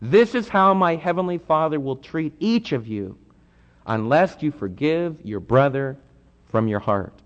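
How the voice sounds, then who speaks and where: An animated male preacher with a fairly high, lively voice that swings from hushed asides to loud pleading. He is heard in a church hall with a long reverb, on a dull, lo-fi recording. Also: a little slow. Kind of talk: sermon.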